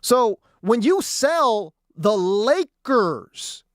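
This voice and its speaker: A man's voice: sits high, big pitch swings, drawn-out words, no room sound, studio quality. A man hosting sports talk radio, ranting in a heated, exasperated way and hammering his points with repetition.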